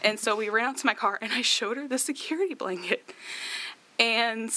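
A woman's voice: a little high, moderate pace, sharp tone. A young woman chatting through a personal story, with many fillers and laughs, tearful at times. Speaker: guest sharing her story.

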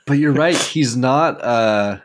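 A man hosting a casual movie podcast, relaxed, retelling scenes and quoting lines. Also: medium pitch, takes it slowly. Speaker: podcast host.

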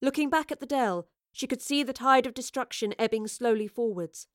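A woman reads a dramatic tale in a measured storytelling voice. Her pitch sits slightly high, and the close, dry recording carries no room sound. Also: dry recording. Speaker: audiobook reader. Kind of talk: scripted story narration.

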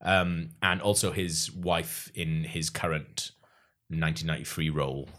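A man's voice: rumbling low, level tone, measured pace, a bit bright. A man hosting a podcast, chatting casually in a rambling, hesitant way with frequent laughs. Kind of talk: casual comedy chat.

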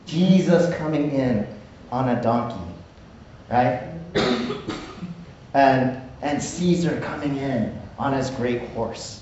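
A man's voice: medium pitch, slow pace, long pauses, a little mellow, muffled recording, slight background noise. Man preaching in an echoey room, far off. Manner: conversational, asks "right?" often. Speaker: pastor. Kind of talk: sermon.

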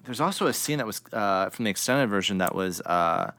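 Lively, bright-voiced swearing young man. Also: fairly low pitch, fairly quick, no room sound. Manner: profane, rambling, hesitant. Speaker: podcast co-host. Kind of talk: casual chat.

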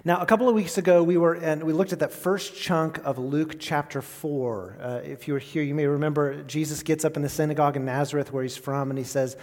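A man's voice: fairly high pitch, fairly even intonation, brisk, few pauses, a little mellow. A man preaching a sermon to his congregation, talking it through with rhetorical questions and restarts. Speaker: pastor. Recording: long reverb of a church hall.

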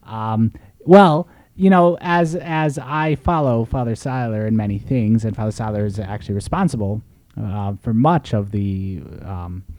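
A man, a priest, co-hosting a casual chat and telling rambling, animated stories. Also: lowish voice, measured pace, no echo. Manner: rambling, animated storyteller with laughs. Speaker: priest and podcast co-host.

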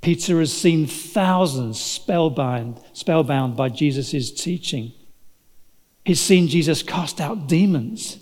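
A man's voice: fairly high pitch, animated, slow pace, darkish tone. A man preaching a sermon, telling the story dramatically and acting out the voices of its characters. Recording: long hall reverb.

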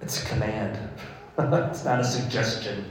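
A priest preaching slowly and emphatically, his voice carrying from a distance through a long, echoing hall. He repeats his phrases for weight and laughs now and then. The sound is roomy and far from the mic. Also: on the low side, steady tone, slight background noise. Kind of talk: sermon.

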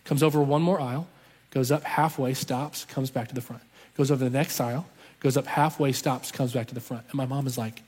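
A man's voice: medium pitch, steady tone, a little fast, a little mellow, breathy edge. A man telling a story in a sermon, acting out the voices of the people in it. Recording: long reverb from a large hall.

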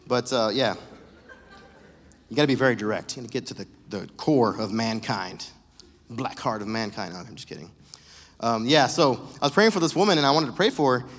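A male pastor giving a casual, joking sermon with animated storytelling. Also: medium pitch, a little fast, big-room sound.

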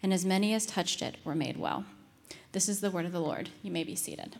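A woman reading a Bible passage aloud in church in a measured, formal way. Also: on the low side, creaky, darkish tone, a little hiss or hum. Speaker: scripture reader. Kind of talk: scripture reading. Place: church sanctuary. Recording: long hall reverb.

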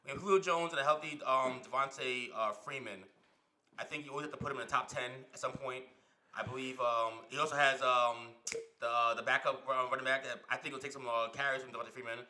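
A man co-hosting a sports podcast, casual and animated, teasing his co-host. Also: mid-range voice, quick pace.

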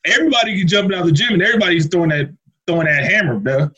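A man's voice: high voice, racing, sharp tone, husky, lo-fi sound. A man co-hosting a podcast, recapping a movie in loose, laughing casual chat full of fillers and slang. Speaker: podcast co-host.

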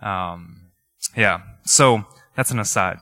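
Preaching slowly in a fairly low voice, this male pastor delivers a sermon built around personal stories. He's chatty and animated, laughing and using lots of fillers, and the sound is clean studio audio without echo.

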